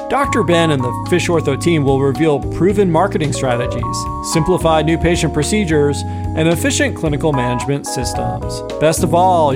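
A man hosting a podcast, asking questions and reading sponsor messages. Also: fairly high pitch. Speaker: podcast host.

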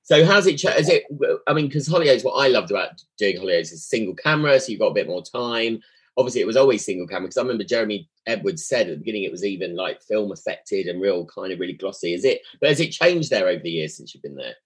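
Husky, fast-talking male podcast host. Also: fairly low pitch, lively intonation, rough recording. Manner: enthusiastic, effusive interviewer. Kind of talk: casual interview chat.

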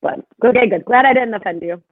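A woman's voice: fairly high pitch, fast talker, dry recording. Woman guest calling in, tinny phone sound, laughs at herself a lot. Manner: self-deprecating, giggly. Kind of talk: casual chat.

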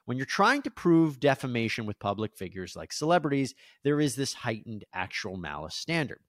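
A male legal news host with a mid-range voice that swings up and down with animated emphasis, walking through court filings and reading passages aloud. The sound is dry and close, with no room echo. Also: medium pitch, normal speed.

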